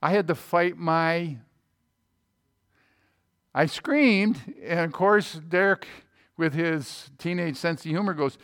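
A man's voice: a little high, takes it slowly, pauses often, a bit bright. Older male pastor, storytelling sermon. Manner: anecdotal, checks in with listeners.

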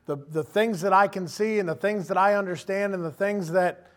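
A man delivers a sermon in a high-pitched voice. He talks to the congregation conversationally and animatedly, slipping into quoted voices as he goes. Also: normal speed. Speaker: preacher.

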